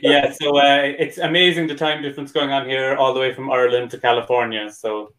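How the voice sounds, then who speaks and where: A man's voice: medium pitch, little pitch movement, a little fast, fairly bright tone, poor audio. A man hosting a podcast in easygoing casual chat, laughing easily. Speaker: podcast host.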